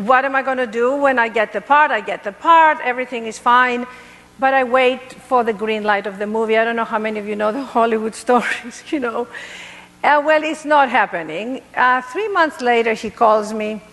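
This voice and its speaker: A woman's voice: a little high, big-room sound. Greek-accented woman telling her story. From Greece. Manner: animated, playful, laughs at herself. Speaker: motivational speaker. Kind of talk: storytelling talk to an audience.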